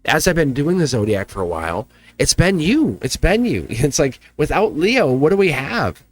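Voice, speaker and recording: A man giving a casual tarot reading to his viewers, warm-hearted and emotional, with frequent laughs and asides. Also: fairly high pitch, sing-song, moderate pace. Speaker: tarot reader.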